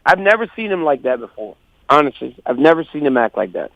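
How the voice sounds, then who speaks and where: A man calling in as a guest fighter, telling stories animatedly and quoting others in lively voices. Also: fairly high pitch, fast talker, gravelly, no room sound. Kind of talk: casual phone interview. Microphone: phone call. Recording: dull lo-fi phone line.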